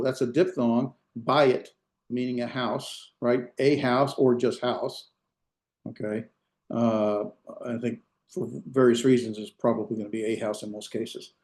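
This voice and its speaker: A man's voice: medium pitch, darkish tone, reverberant. A male instructor giving an online class lecture, patient and step by step, often checking in with "right?" and quizzing his students.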